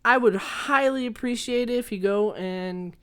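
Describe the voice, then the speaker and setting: A man's voice: very high voice, normal speed, a bit bright, clean tone. A young man vlogger casually telling a story, rambling and swearing as he laughs along. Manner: rambling, profane, laughs through his story.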